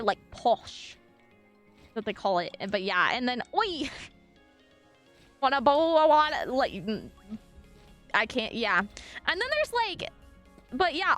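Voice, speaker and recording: Bubbly, high-pitched woman streamer. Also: fairly bright tone. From French Canada. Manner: bubbly, rambling, full of fillers and sudden squeals. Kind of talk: casual live-stream chat. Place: home streaming room.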